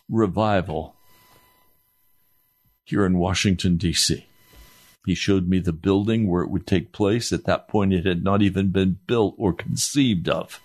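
A man preaching a sermon, earnest and emphatic, building his points through repeated phrases. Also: deep voice.

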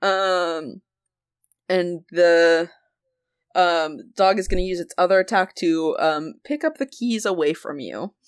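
A woman's voice: on the low side, slow pace, smooth, no echo, clean studio sound. A woman running a tabletop game as game master, teasing the players and stopping often on "um". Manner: playful teasing, many ums.

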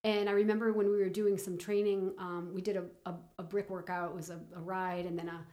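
A middle-aged woman telling a personal story in an interview, halting with many fillers and restarts. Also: medium pitch, little pitch movement, dark tone. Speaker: guest.

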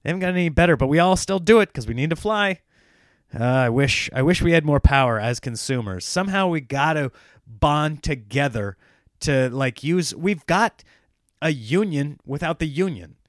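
A man's voice: a little high, normal speed, no echo, clean studio sound. Sarcastic American man ranting. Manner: sarcastic, animated, laughing at his own points. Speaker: comedian. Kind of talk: casual ranting monologue.

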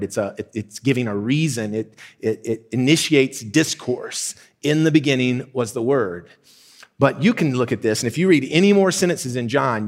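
A man preaching a sermon, excited and emphatic, swinging from loud bursts down to quiet, slow stressed words. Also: mid-range voice. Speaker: pastor.

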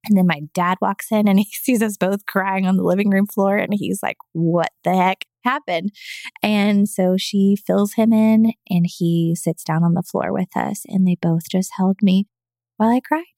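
A woman with a mid-range, gravelly, warm voice tells her own story as a guest on a podcast, her intonation fairly even and her pace moderate. Earnest and emotional, she acts out quoted voices in this interview testimony. The recording is dry and clean, with studio sound.

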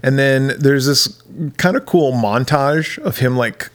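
This podcast co-host has a mid-range voice and takes his time. In a casual movie recap chat, he retells the plot of a horror film and acts out the characters' lines.

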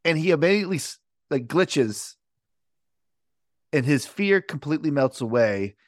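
A man's voice: on the high side, expressive, moderate pace, dry recording, studio quality. A man playing a tabletop game, narrating his character's scene casually and crudely. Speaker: player.

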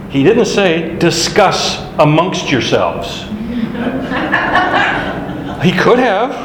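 A man leads a Bible class at an unhurried, deliberate pace, talking plainly and poking fun at himself. His voice rings around a reverberant meeting room with a long tail, and a faint hiss sits under the recording. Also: high-pitched. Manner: slow, conversational, self-deprecating. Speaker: Bible study teacher.

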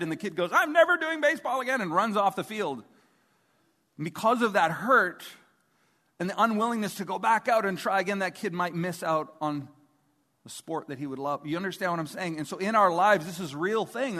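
A man's voice: high voice, pushed and bright. Male pastor preaching in a reverberant hall. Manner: conversational preaching with rhetorical questions. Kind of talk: sermon. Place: large church hall before a congregation. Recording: long reverb of a large hall.

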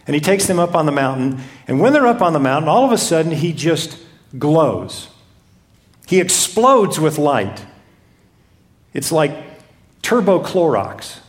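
A man preaching a sermon, reading scripture and retelling it expressively with dramatized voices. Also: a little high. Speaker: pastor.

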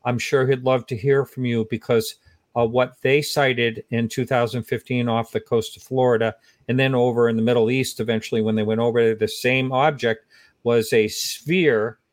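A man's voice: mid-range voice, steady tone, moderate pace, no echo, clean studio sound. A man hosting an interview, sympathetic and rambling, with many fillers as he asks his questions. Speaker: podcast host. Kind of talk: casual interview talk.

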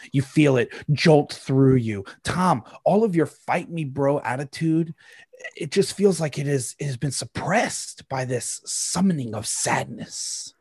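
A man's voice: mid-range voice, a little mellow, dry recording. A man narrating as game master of a tabletop game, playful and rambling, with frequent fillers.

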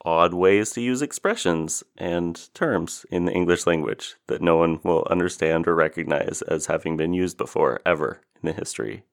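A man co-hosts a podcast, talking casually with blunt, sarcastic, dry humor. His voice sits very low. He speaks into a close mic. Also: normal speed, creaky, hardly any pauses. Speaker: podcast co-host. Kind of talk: casual chat.

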